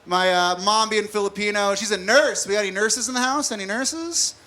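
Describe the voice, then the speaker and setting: A man's voice: high-pitched, fairly quick, pushed and bright. A young adult man from the United States doing a conversational stand-up comedy set at a live venue, laughing at his own jokes.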